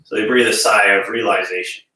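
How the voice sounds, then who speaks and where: Calm male qigong teacher with a bright, forward tone, recorded from afar in a very echoey room. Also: on the low side, a little fast. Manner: calm, gently guiding with breath cues. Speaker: qigong instructor. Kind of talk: guided movement class. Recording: very echoey room, distant mic.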